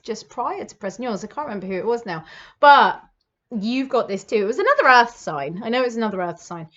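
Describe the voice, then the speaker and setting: A woman from the UK in her thirties, giving a monthly tarot reading to camera in a warm, effusive and reassuring way, with plenty of fillers. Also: medium pitch. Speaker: psychic tarot reader. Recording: slightly dull, lo-fi sound.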